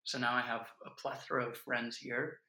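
A man's voice: medium pitch, level tone, moderate pace, pushed and bright. A man in his twenties, a podcast guest, telling stories in an earnest, reflective way. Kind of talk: casual chat. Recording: echoey room.

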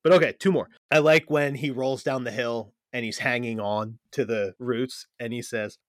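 A man's voice: medium pitch, normal speed, fairly bright tone, dry recording, clean studio sound. A man co-hosting a podcast, chatting casually and enthusiastically about favorite comedy scenes, laughing often. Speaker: podcast co-host. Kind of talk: casual chat.

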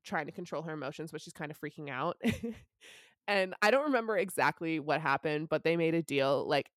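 A young woman with a low voice talks through a story in loose, rambling podcast chat, leaning on "like" and casual swearing. The sound is dry and close. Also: brisk, no echo. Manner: chatty, peppered with "like" and casual swearing. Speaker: podcast co-host. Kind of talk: casual book recap chat.

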